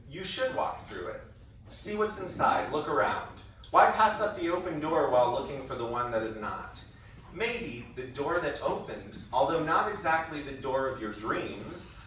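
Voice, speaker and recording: His medium-pitched voice carries a storytelling speech he prepared for a school event, picking up energy when he quotes others. The audio comes from a distance in an echoey hall, with faint hiss or hum.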